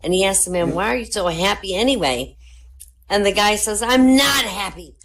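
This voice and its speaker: A woman telling jokes at an online comedy night in a deadpan storytelling manner, raising her pitch for the punchlines. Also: a little fast. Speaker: joke teller. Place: online voice chat room.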